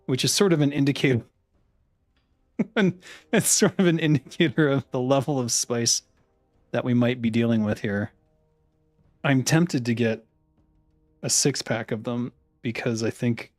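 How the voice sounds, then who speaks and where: A man's voice: medium pitch, no room sound. Man in his thirties, loose chatty streamer, lots of swearing and muttered asides. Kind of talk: casual chat while ordering food online.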